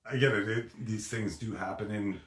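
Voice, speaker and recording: A man co-hosting a casual live talk, speaking haltingly with frequent restarts. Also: on the low side, fairly even intonation, a bit bright, roomy sound. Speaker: co-host. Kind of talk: casual conversational live stream.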